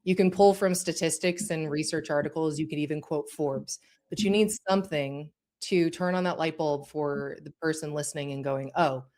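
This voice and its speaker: A woman with a notably low voice leads a course in an easy, conversational way. She speaks directly and often stops to check that her listeners are following. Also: steady tone, moderate pace, hardly any pauses, a little mellow. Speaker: course instructor. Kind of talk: conversational teaching.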